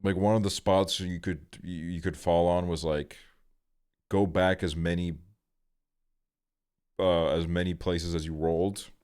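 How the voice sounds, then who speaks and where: A man's voice: low voice, fairly even intonation, measured pace, pauses often, a little mellow, clean tone. A young man streaming, telling a rambling story in a laid-back way and swearing often.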